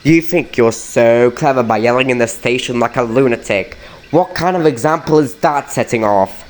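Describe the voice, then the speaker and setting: A man's voice: medium pitch, normal speed, lightly acted. Guy doing a engine telling someone off, sneery, noisy recording. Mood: scolding. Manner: lecturing, sneering. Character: stern scolding male engine.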